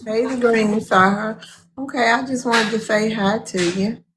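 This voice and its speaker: A woman with a fairly high voice hosts a live stream in a loose, chatty way. She greets viewers by name and calls them "honey" and "y'all." A faint hum sits under her voice. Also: steady tone, measured pace. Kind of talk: casual live stream chat.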